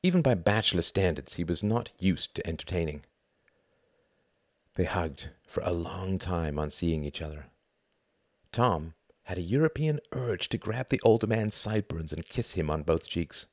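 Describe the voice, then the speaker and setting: A man narrating an audiobook with an expressive, animated reading. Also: sits low, normal speed, no echo, clean studio sound.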